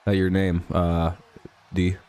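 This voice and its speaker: Stream host, male, deeper voice, loose profane joker chatting over a game. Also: completely flat delivery, slow, dark tone, smooth. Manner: joking, profane banter with chat, laughs often. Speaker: livestream host. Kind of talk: casual live-stream chat over a football game.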